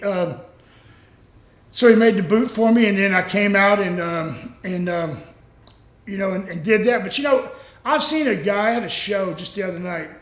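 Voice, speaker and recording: A man's voice: high-pitched, a bit bright. A man in his sixties, a former pro wrestler, telling rambling stories in a casual interview and acting out other people's lines. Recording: echoey room.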